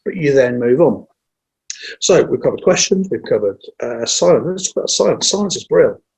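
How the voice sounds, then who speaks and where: Male speaking coach, gravelly mid voice, energetic, shifts pace on purpose. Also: mid-range voice, low-quality recording. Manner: energetic, acts out audience lines, speeds up and slows down on purpose. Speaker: presentation skills trainer. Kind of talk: casual conversational interview.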